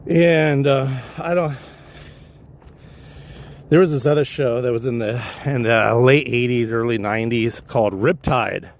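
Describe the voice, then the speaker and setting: A man's voice: mid-range voice, unhurried, a little hiss or hum. A man livestreaming while hiking a trail, casually telling a wandering, profane story. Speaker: livestream vlogger. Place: outdoor hillside trail.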